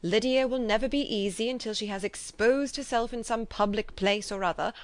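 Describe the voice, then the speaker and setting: A wry, teasing older gentleman, as a woman narrator reads him, speaking in an audiobook of a classic novel. His tone is dry and mocking, in a mild, even voice. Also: a little high, brisk, natural voice.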